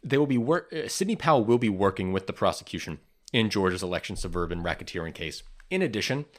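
A man's voice: on the low side, lively intonation, quick pace. A man hosting a podcast, going over the week's news in casual chat and reading from notes with frequent ums and restarts. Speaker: podcast host.

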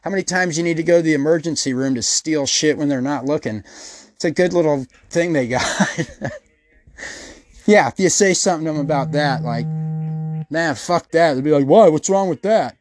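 A man's voice: on the high side, fairly quick, dry recording. A man hosting a podcast, telling rambling, profane stories and acting out the people he quotes. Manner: swears constantly, rambling storyteller who acts out quotes. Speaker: podcast host. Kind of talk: profane comedic rant.

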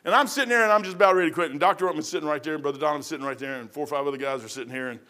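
A man preaching a testimony sermon, telling his story in an animated way with sudden loud bursts and some stammering. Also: on the high side, racing.

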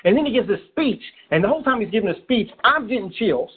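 A man's voice: high voice, fast talker, husky. A man co-hosting a casual show recap, talking animatedly and acting out characters. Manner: animated, acts out character voices. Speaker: podcast co-host. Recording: tinny phone-like sound.

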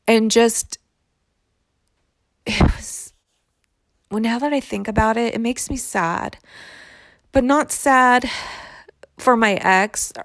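Slow, unhurried woman telling a story. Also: fairly high pitch, dry recording. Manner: unhurried, reflective, heavy use of "like". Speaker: storyteller sharing her own experience. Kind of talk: casual personal storytelling.

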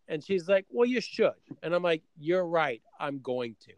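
A man's voice: on the high side, expressive, moderate pace, dry recording. A middle-aged man from Canada telling a story in casual chat, acting out both sides of his conversations.

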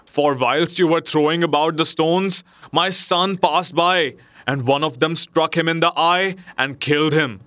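A man voicing an enormous, furious male genie bent on revenge in a storybook reading, speaking in a loud, menacing way. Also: a little high, unhurried, no room sound, pitched above the performer's own voice. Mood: vengeful.

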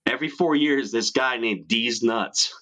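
A man's voice: mid-range voice, a little slow, fairly bright tone. A man from New York hosting a casual chat show, swearing freely and laughing often. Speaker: podcast host.

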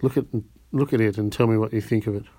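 A man voicing a calm, insinuating count as he reads a novel aloud. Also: lowish voice, fast talker, no room sound, natural voice.

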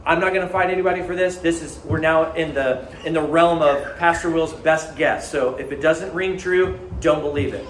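A man's voice: on the high side, steady tone, moderate pace, few pauses. Earnest preaching man in an echoey hall. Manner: conversational, earnest storytelling. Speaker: pastor. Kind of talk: sermon. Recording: echoey room, faint ambient noise.

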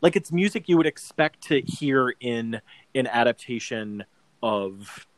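A man's voice: mid-range voice, animated, measured pace, no room sound, low-quality recording. A man co-hosting a casual podcast chat, rambling with lots of fillers and acting out quoted lines. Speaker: podcast co-host. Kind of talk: casual chat about a TV adaptation.

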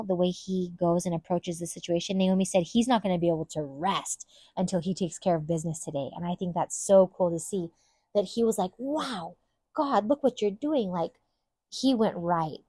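A woman's voice: fairly low pitch, darkish tone, dry recording. A woman hosting a Bible teaching podcast, earnest and enthusiastic, who stresses her points by repeating them. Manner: earnest and enthusiastic, with emphatic repetition.

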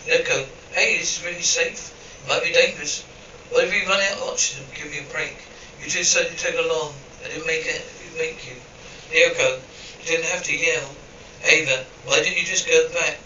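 A man's voice: a little high, pushed and bright, slight background noise. A man reading a dramatic story aloud, voicing every character and reading the stage directions between lines. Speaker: narrator reading all parts. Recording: roomy, dull, distant from the mic.

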